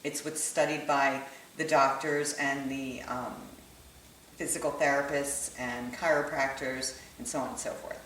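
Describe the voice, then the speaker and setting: A woman with a low, deep voice teaches in an easygoing, conversational manner, tagging "right?" onto her points. She is recorded from a distance in an echoey room, with a faint hiss of ambience behind her. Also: steady tone, unhurried, a bit bright. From United States. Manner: conversational, checks in with "right?" and "okay?". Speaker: holistic kinesiology teacher. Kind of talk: explanatory lesson to camera.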